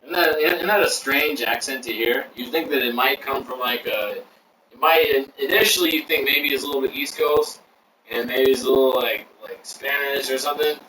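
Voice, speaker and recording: A man's voice: medium pitch, moderate pace, bright, forceful tone. A man co-hosting a livestream, rambling profanely through a story and acting out the quotes in a casual rant. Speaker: livestream co-host. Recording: echoey room, distant mic, faint noise.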